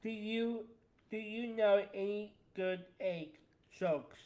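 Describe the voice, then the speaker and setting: A man's voice: high-pitched, takes it slowly, darkish tone. A young man co-hosting a casual show, giving short answers and restarting his sentences. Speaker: co-host. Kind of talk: casual chat.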